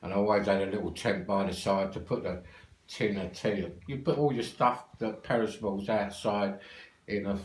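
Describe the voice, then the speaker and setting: A man's voice: fairly low pitch, steady tone, normal speed, echoey room, low-quality recording. Older London man spinning a yarn. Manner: rambling, swearing, cheerful yarn-spinner. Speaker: storyteller. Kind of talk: casual anecdote.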